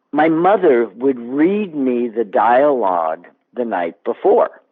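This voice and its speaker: A man in his seventies, a guest actor, telling stories in an animated, casual interview chat. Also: medium pitch. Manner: animated storyteller. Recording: tinny phone-like line.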